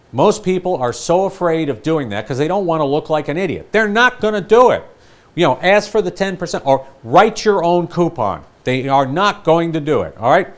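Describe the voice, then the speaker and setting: An older man leads a sales training session with a lively, swooping delivery. His voice sits a bit high for a man. He acts out what customers and announcers say as he teaches. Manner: animated, acts out customer and ad lines.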